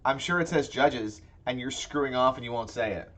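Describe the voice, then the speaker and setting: A man's voice: medium pitch, brisk, hardly any pauses, fairly bright tone. A man co-hosting a casual tabletop gaming podcast, talking in rambling, self-interrupting chat. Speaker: podcast co-host.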